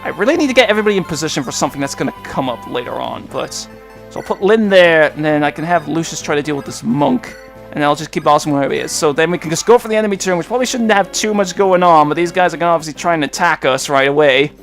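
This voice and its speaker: A man hosting a let's play, talking through his moves in a chatty, rambling way with sudden excited outbursts. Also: fairly high pitch, quick pace, soft background music. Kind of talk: casual gameplay commentary.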